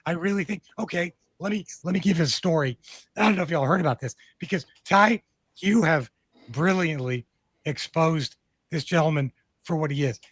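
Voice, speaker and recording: A man's voice: a little high, normal speed, a bit bright, husky, dry recording. A man with a Texan accent hosting a comedy podcast, ranting emphatically with heavy profanity. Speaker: podcast host. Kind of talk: casual comedic political chat.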